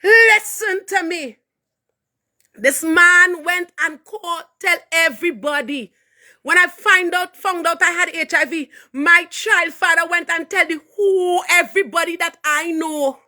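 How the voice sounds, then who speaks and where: A woman with a Trinidadian accent who is a minister, giving an impassioned live testimony with fervent, preaching delivery that rises to shouts. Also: very high voice, unhurried. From Trinidad and Tobago. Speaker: minister and hairdresser.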